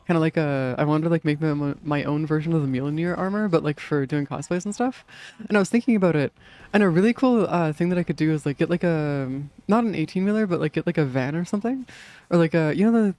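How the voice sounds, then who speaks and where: A man's voice: fairly high pitch, a little mellow. A young man streaming a game in casual chat, rambling with many fillers, swearing and laughing often.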